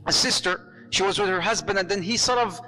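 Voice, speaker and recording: A male preacher giving a lively, humorous sermon on marriage, mixing Arabic phrases into his English. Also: sits high, fairly quick. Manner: animated and humorous, acts out quoted voices. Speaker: Muslim preacher.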